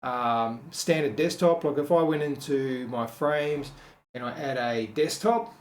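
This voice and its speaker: A man's voice: mid-range voice, measured pace. Chatty man in an echoey room. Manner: chatty, thinks aloud with many ums and self-corrections. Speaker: web designer teaching a tutorial. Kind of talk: casual screen-share walkthrough.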